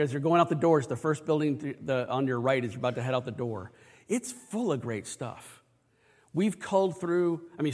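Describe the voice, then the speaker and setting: Male pastor, mid-pitched, earnest and conversational, sermon recorded with long church reverb. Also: husky. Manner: conversational, earnest, frequent restarts. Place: church sanctuary.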